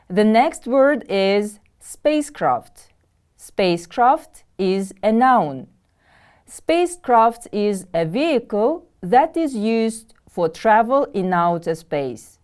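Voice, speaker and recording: A woman from Kyrgyzstan teaching a televised English vocabulary lesson, speaking slowly and carefully and repeating each word for her pupils. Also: clear, resonant tone. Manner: slow, careful, lively pitch, repeating words for pupils.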